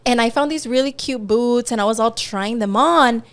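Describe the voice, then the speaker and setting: A woman's voice: a little high, normal speed. A woman, co-hosting a casual podcast. She tells stories with a lot of animation, swears freely and drops into mid-sentence. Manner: animated storyteller, swears, switches into Spanish. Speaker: podcast co-host. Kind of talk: casual chat.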